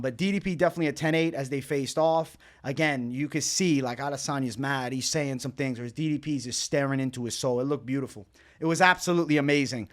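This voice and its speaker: Young guy doing an mma reaction vid, kinda high voice, cusses a lot, gets loud and hyped. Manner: excitable, profane, bursts into shouting. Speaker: MMA reaction video host. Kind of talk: casual reaction commentary.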